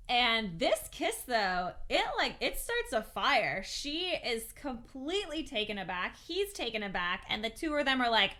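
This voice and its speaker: A woman co-hosts a casual book podcast with a slightly high, very bright and forward voice. She retells scenes in a chatty way, full of "like" and little acted-out quotes. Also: big pitch swings, unhurried. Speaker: podcast co-host.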